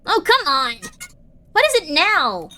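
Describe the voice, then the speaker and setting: A woman's voice: sits high, wildly swooping pitch, a little slow, sharp tone, voice pushed up, full character voice. A woman reading a grumpy young adventurer. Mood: exasperated. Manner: exasperated, chatty.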